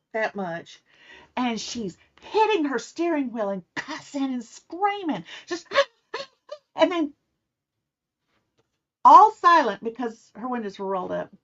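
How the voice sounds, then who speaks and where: Animated woman telling a story. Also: sits high. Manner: animated, acts out the people she quotes. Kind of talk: casual spoken storytelling. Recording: slightly muffled, dull sound.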